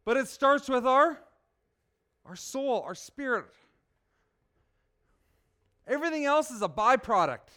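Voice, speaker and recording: A male pastor delivers a sermon in a high, smooth voice. He leans on rhetorical questions, dropping low and quiet, then rising to loud, emphatic points. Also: expressive, a little slow, pauses often. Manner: rhetorical, asks "right?", swings soft to loud.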